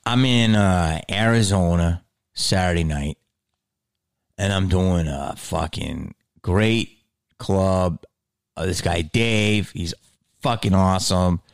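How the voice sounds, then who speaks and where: A man's voice: low-pitched, slow pace, clear, resonant tone. A middle-aged man comedian ranting in a heated, profane, swaggering way.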